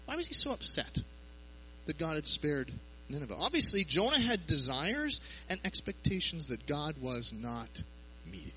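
A man's voice: a little high, sing-song, moderate pace, sharp tone, slight background noise, low-quality recording. A man preaching a sermon in a conversational way, asking his listeners rhetorical questions.

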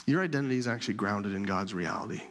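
Man, pastor, sermon, animated with hushed asides, church sanctuary, long hall echo. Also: fairly low pitch. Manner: animated, dropping to soft whispers for emphasis.

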